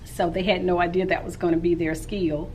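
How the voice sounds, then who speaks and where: A woman's voice: on the low side, level tone, a little fast, darkish tone, a little hiss or hum, rough recording. A woman in her forties, a teacher, recapping her day in a casual, rambling vlog. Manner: rambling and talkative.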